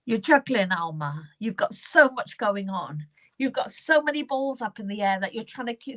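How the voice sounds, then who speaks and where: Earnest woman giving psychic readings. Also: fairly high pitch. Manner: earnest, repetitive, addresses viewers by name. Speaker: psychic medium.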